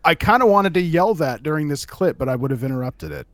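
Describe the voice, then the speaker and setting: A man co-hosting a casual music review chat, opinionated and animated. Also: a little high, quick pace, no echo.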